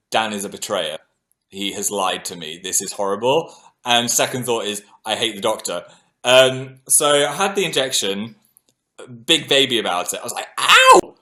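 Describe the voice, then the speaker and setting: A man in his thirties chatting casually on a livestream, telling stories animatedly, laughing often and poking fun at himself. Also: medium pitch. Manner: animated storytelling, self-deprecating, laughs often. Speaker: livestream host.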